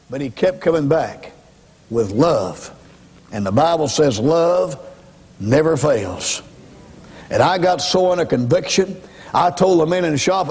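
In a large hall, a man with a fairly high, husky, somewhat dark voice preaches his testimony as an evangelist. His intonation is lively and his pace unhurried, with long pauses as he tells his story dramatically, acting out voices and emphatically addressing the congregation directly.

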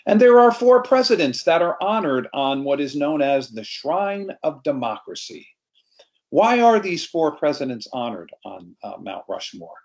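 A man's voice: a little high, big pitch swings, unhurried, a little mellow, muffled recording. A middle-aged man from New York, a storyteller, giving an anecdotal presentation on a video call.

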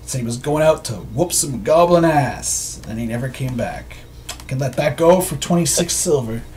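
A man's voice: mid-range voice, expressive, normal speed, lightly acted. A salesy weapons merchant from a tabletop game talks up his blades in folksy patter. A man voices him close to his own voice. A faint hiss sits under the recording.

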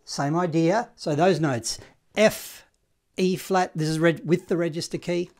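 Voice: medium pitch, steady tone, moderate pace, over music. Chatty, encouraging online saxophone tutor; casual delivery, scats and counts. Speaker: saxophone teacher. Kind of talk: online music lesson.

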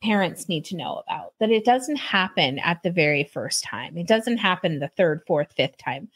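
A woman's voice: fairly low pitch, expressive, normal speed, fairly bright tone, husky. A woman podcast host chatting with a guest, with hesitant restarts and frequent laughter. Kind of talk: casual interview chat.

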